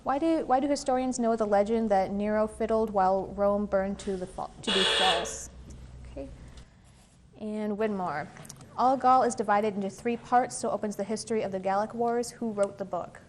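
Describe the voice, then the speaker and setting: A woman moderating a quiz competition, reading questions and rulings in a measured, formal way with an occasional "um". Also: mid-range voice, fairly even intonation, darkish tone, slight background noise.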